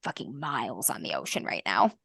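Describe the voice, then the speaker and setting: Soft-spoken woman game master, low and bright. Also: huge pitch swings, a little fast, creaky, slightly rough, no echo, clean studio sound. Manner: soft, lyrical narration with frequent ums. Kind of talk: narrating a fantasy tabletop game.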